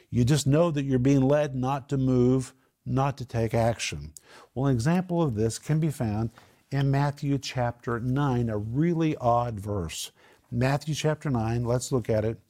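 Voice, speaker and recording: A man preaching a sermon, animated, acting out the voices of the people in the story as he tells it. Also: mid-range voice.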